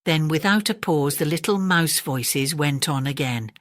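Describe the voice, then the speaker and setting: A woman with an English accent reading a classic children's story aloud, gentle and expressive. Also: low voice, a little slow, hardly any pauses, no echo, studio quality. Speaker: audiobook narrator.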